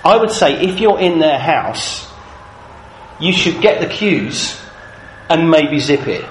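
A British man leads a training session for Christian youth workers, telling stories with an animated, swinging delivery. His voice sits a little high and ranges widely in pitch. He is heard in an echoey room with a faint hum of ambience behind him. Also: slow. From Britain. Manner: lively, animated storyteller.

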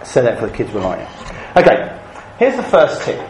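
A British man leading a training session for Christian youth workers, talking in a lively, animated storytelling way. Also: medium pitch, a little fast, slight background noise. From Britain. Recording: echoey room, faint ambience.

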